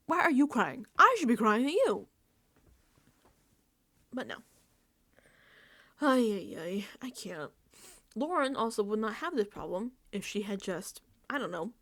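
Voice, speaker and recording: A woman hosting a reality TV recap, ranting casually and acting out quotes in an exasperated, animated way. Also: medium pitch, no echo.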